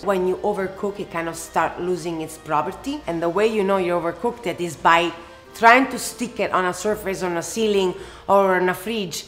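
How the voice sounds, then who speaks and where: Italian woman hosting a cooking lesson. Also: fairly low pitch. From Italy. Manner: expressive and emphatic, lingers on words. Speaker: cooking show host. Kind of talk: casual cooking tutorial with Q&A.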